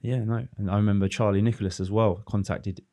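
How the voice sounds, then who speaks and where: Deep flat-sounding guy, ex footballer rambling thoughtfully on a podcast. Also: fast, no echo. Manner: reflective, rambling with restarts and fillers. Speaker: former professional footballer, guest. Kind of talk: casual podcast conversation.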